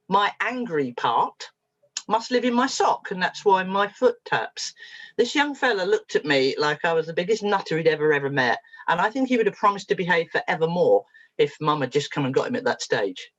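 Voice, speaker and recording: A woman therapist telling a story to an audience in a lively, humorous, self-mocking way. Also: fairly low pitch. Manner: lively and humorous, with frequent laughs and self-mockery. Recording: dull lo-fi recording.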